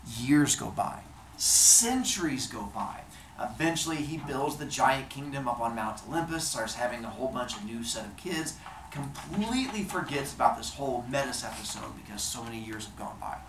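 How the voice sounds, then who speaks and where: A man's voice: mid-range voice, lively intonation, normal speed, a bit bright, a little hiss or hum. A man telling Greek myths in a playful, chatty comedic style, recorded in an echoey room. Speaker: storyteller. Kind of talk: casual comedic storytelling of myths.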